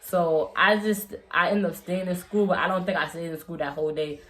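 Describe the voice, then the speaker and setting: A woman's voice: lowish voice, fairly quick, fairly bright tone. A young woman vlogger telling a casual storytime, rambling with slang and lots of fillers and restarts.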